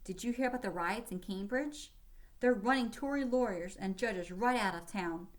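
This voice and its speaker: A woman's voice: mid-range voice, moderate pace, lightly acted. A woman reading aloud, voicing an eager young man passing on urgent news. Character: eager young male patriot.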